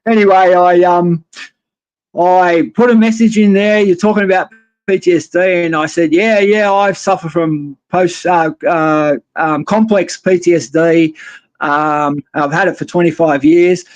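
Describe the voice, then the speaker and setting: Aussie bloke on a live stream, bit higher voice, rambles on and swears a lot. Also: male voice, steady tone, unhurried. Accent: Australian. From Australia. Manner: rambling, blunt, heavy swearing. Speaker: guest caller. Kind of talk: casual live-stream chat.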